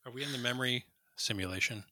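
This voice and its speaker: A man in casual podcast chat, relaxed and wry. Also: medium pitch, fast, dry recording, clean studio sound.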